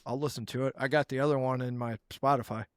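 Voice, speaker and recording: A male podcast host keeps the chat casual, tossing his guest curious questions and quick reactions. His voice sits in a middle pitch. The recording is dry and close. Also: steady tone, dry recording.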